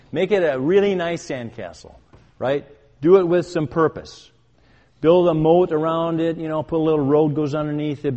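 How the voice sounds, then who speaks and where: An older man preaching a sermon as a pastor. He speaks with emphasis, asks his listeners questions and builds to loud, urgent commands. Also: fairly high pitch, muffled recording. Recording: long hall reverb.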